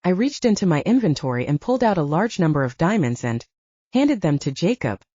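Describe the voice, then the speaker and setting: Husky-voiced woman narrating an audiobook. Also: on the low side, big pitch swings, brisk, mellow, no room sound. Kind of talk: scripted first-person narration. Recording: dull lo-fi dry recording.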